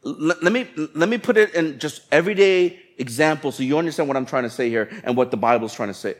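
A pastor delivers a sermon in an easy, talk-to-the-room manner. He slips in quick acted-out voices of everyday people. His voice sits a little on the high side for a man. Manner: conversational, playful preaching with acted-out inner voices.

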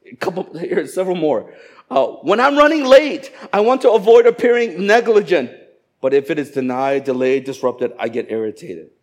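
A man preaching a sermon, animated and humorous, acting out quoted voices of people for laughs. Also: a little high, normal speed. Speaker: pastor.

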